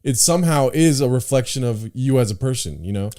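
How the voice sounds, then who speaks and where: A man's voice: medium pitch, animated, fairly quick, dark tone. A man co-hosting a podcast in casual chat, blunt and profane, often stumbling over repeated words as he starts a sentence. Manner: blunt and profane, with stammered restarts. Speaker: podcast co-host.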